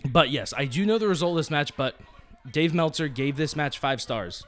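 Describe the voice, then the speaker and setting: A man co-hosting a casual podcast, chatting and breaking into excited play-by-play as he watches a match. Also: a little high, normal speed. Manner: excited, jumps into play-by-play commentary. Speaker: podcast co-host. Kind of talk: casual live-reaction chat.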